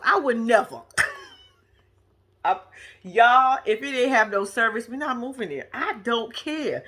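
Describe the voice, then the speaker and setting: A woman with a raised, bright voice that swings widely in pitch as she chats to her viewers. She recaps a reality show casually, cursing freely, calling everyone y'all and breaking into laughter. Her talk is loose and unscripted. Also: lively intonation, measured pace, pauses often. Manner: chatty, profane, addresses viewers as y'all, laughs often. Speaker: TV reaction vlogger.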